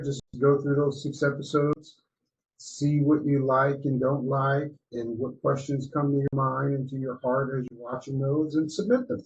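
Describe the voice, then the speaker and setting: A man co-hosting a podcast, giving relaxed, mentoring advice in a casual chat. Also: medium pitch, lo-fi sound, a little hiss or hum. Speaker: podcast co-host.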